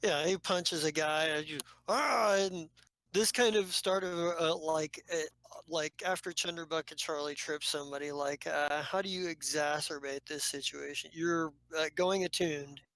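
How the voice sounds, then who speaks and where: A woman's voice: low-pitched, steady tone, normal speed, fairly bright tone, rough recording. A woman narrating as game master of a tabletop role-playing game, rambling with many fillers and restarts.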